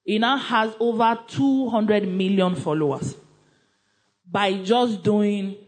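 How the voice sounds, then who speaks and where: A woman's voice: medium pitch, slow pace, darkish tone, rough recording. A woman with a Nigerian accent presenting a book review at church in a conversational, emphatic way, often repeating herself and voicing little quoted asides.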